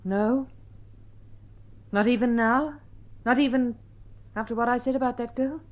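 An actress playing a sharp-tongued, fed-up wife in a vintage radio drama, sarcastic and cutting. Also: female voice, on the high side, unhurried, dull audio, close to an everyday voice. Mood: wistful.

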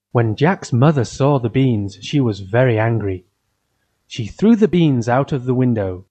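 Slow man reading a children's fairy tale. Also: mid-range voice, darkish tone. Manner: slow, simple, evenly paced storytelling. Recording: dull lo-fi recording.

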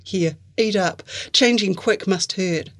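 A woman's voice: medium pitch, slow, no echo, clean studio sound. A woman voicing a bold young shapeshifting woman who speaks in a casual, commanding way. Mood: calm.

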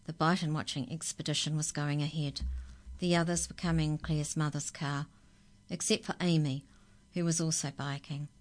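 A woman calmly reading a children's story aloud. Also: low voice, normal speed.

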